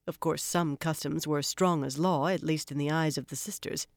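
An audiobook narrator reading a fantasy novel in a measured, even storytelling manner. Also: medium pitch, dry recording, clean studio sound.

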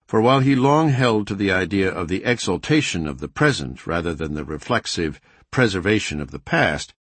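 Male audiobook narrator, low husky voice, lively intonation, measured scripted delivery. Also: no room sound. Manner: measured, expressive reading with varied emphasis.

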